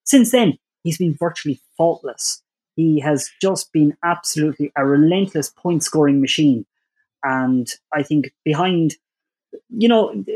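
A man's voice: a little high, darkish tone, slightly rough. A man co-hosting a casual sports podcast, confident and teasing, with lots of "you know" fillers. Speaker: podcast co-host. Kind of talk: casual chat.

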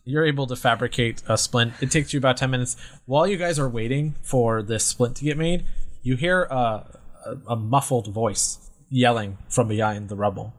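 A laid-back game master narrating a tabletop game at an ordinary, mid-range pitch. The delivery is easygoing and often breaks into giggles. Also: moderate pace.

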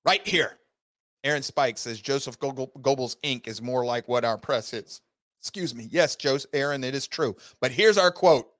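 A man's voice: medium pitch, normal speed, a bit bright, no room sound, studio quality. A man hosting a podcast, delivering an angry, sarcastic political rant with heavy emphasis. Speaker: podcast host.

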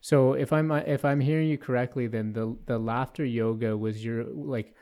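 A man's voice: medium pitch, steady tone, moderate pace, mellow. A man hosting a casual interview, affirming his guest and rephrasing her points. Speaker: interviewer, host.

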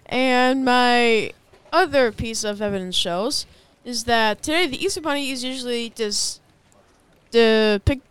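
A woman's voice: fairly high pitch, a little slow, smooth, no room sound. A woman reading out prepared facts in a comedy bit, giggling and stumbling over her words.

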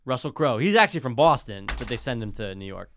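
A young man co-hosting a podcast in casual chat, laid-back and joking, quick to agree. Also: medium pitch, sing-song. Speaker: podcast co-host. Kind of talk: casual chat, movie guessing game.

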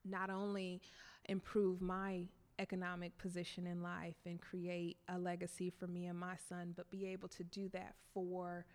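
A woman's voice: fairly low pitch, normal speed. Enthusiastic woman coffee shop owner. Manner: enthusiastic, expressive. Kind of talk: casual interview chat. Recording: faint background noise.

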